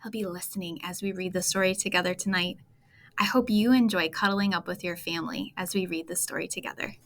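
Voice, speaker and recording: A woman reading a children's chapter book aloud at bedtime, expressive and playful, talking to young listeners. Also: fairly low pitch, a little fast, a little hiss or hum. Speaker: storytime reader.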